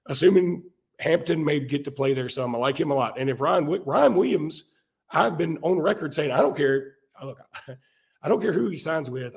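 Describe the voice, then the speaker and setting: Hoarse, gravelly man. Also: mid-range voice. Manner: animated, laughs at himself. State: hoarse from illness. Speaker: podcast co-host. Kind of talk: casual sports talk.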